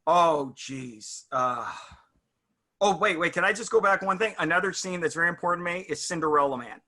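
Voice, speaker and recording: A middle-aged man, a guest in a casual interview, telling anecdotes in a reflective, halting way. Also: fairly high pitch, sharp tone.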